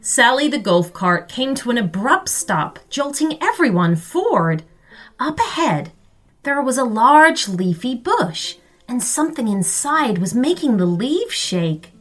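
A woman narrating a children's story in an expressive way. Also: on the high side, unhurried. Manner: expressive and lively.

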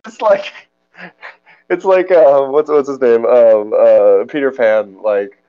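A young man co-hosting a podcast in casual chat, animated and jokey with lots of stumbling restarts. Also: medium pitch, slow pace, clear, resonant tone. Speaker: podcast co-host. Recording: dull lo-fi recording.

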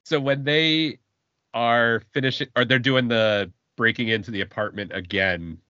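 A man's voice: mid-range voice, fairly even intonation, normal speed, sharp tone, no room sound. A man co-hosting a casual podcast, laughing often and repeating words as he thinks aloud. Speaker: podcast co-host. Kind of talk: casual chat. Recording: dry, dull lo-fi sound.

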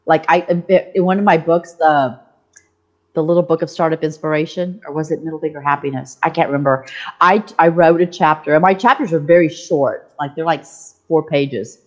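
A middle-aged woman hosting a podcast, telling stories in a casual, animated way and laughing often. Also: low-pitched, fairly quick, highs cut off. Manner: animated storyteller, laughs often, voices quoted people. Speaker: podcast host. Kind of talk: casual chat.

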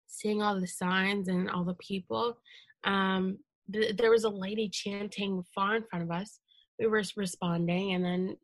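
A woman's voice: medium pitch, a bit bright, no room sound. A young woman in her twenties, a podcast guest, telling an emotional personal story in casual conversation, earnest and full of fillers.

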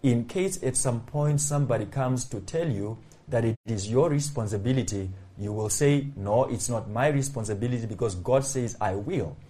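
A man's voice: mid-range voice, normal speed, few pauses, dark tone. A male pastor delivering a sermon, emphatic and repeating key phrases for stress.

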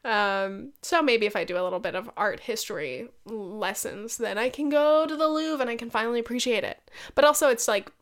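A woman's voice: on the high side, fairly quick. A young woman hosting a solo podcast, chatting casually with lots of fillers, swearing and laughing often. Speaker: podcast host.

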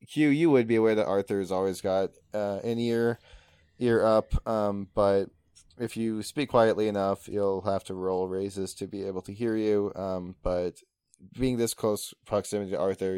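A man running a tabletop game as game master, casual and quick to laugh. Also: lowish voice, fairly even intonation, mellow, clean tone, dry recording, clean studio sound. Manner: laughs often, casual with fillers.

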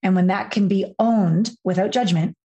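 A woman's voice: mid-range voice, normal speed, muffled recording. A woman who works as a life and intimacy coach, talking as a podcast guest and acting out the voices in her stories. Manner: animated storyteller, acts out quoted voices, swears freely.

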